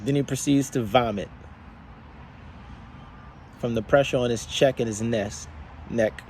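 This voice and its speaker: A man with an ordinary mid-range voice delivers a heated monologue, swearing freely and weighing each slow phrase. His anger runs steady under the words. A faint background noise sits beneath the recording. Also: medium pitch. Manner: angry, profane, speaks in slow deliberate phrases. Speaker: vlogger. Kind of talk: impassioned spoken monologue.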